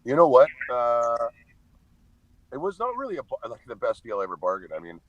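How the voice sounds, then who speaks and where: A man's voice: medium pitch, wildly swooping pitch, fairly quick, no echo, highs cut off. A middle-aged man tells stories as a podcast guest, blunt and profane, often laughing. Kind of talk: casual storytelling.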